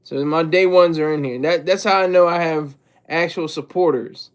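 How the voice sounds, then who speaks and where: Male streamer, high-pitched, casual rambling delivery with frequent restarts and repeats. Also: steady tone, moderate pace. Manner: rambling, self-interrupting, often repeats words; chuckles to himself between thoughts. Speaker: livestream host. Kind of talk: casual livestream commentary, reading chat.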